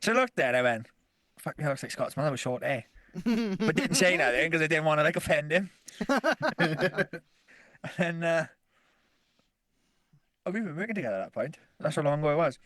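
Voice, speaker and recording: A man's voice: on the high side, sing-song, normal speed, pauses often, fairly bright tone, no echo, studio quality. A man telling a rambling story on a casual podcast, swearing freely and laughing as he goes. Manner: rambling, swears constantly, laughs through stories. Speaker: podcast co-host.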